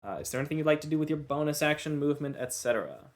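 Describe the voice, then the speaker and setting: A man's voice: fairly high pitch, expressive, racing. A man serving as game master, narrating combat and patiently explaining rules between filler uhs. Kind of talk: narrating and refereeing a tabletop game.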